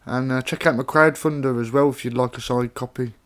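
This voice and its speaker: A Staffordshire author reads his own rhyming poems in a plain, conversational manner, adding casual spoken introductions between them. His mid-range voice keeps a fairly even intonation and moves at a fairly quick pace.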